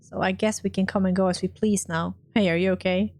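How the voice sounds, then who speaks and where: A woman's voice: mid-range voice, fairly quick. A woman streamer reading a role-playing game's text aloud and reacting to it, swearing and laughing when things go wrong. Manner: animated, swears and laughs at failures. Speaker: gaming streamer.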